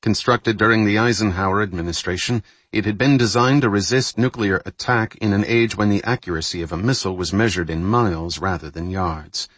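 A man reading a thriller novel aloud in measured, scripted audiobook narration. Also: lowish voice, a bit bright, no echo.

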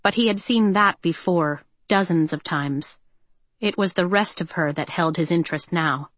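A woman reading a story aloud as narrator, in a measured, even delivery. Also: fairly low pitch, dry recording. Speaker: audiobook narrator. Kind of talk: scripted narration.

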